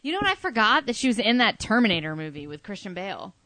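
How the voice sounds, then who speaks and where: A middle-aged woman in casual chat with friends, animated and swearing freely, quick to laugh. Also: medium pitch, no echo.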